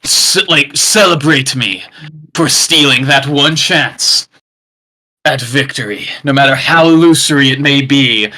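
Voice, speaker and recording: A man playing a boastful heel wrestler, a thieving bandit, cutting an improvised wrestling promo with shouted threats. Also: medium pitch, measured pace, poor audio. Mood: trailer-style grandiose.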